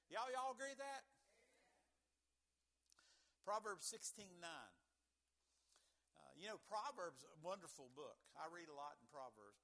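A man preaching a sermon, folksy and joking, moving between calm teaching and loud bursts of excitement. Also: sits high. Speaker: pastor.

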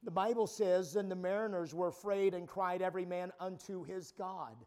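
A man preaching a sermon at a camp meeting, retelling a story with frequent stammering restarts and rising to shouts. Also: sits high, fairly even intonation, normal speed. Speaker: pastor.

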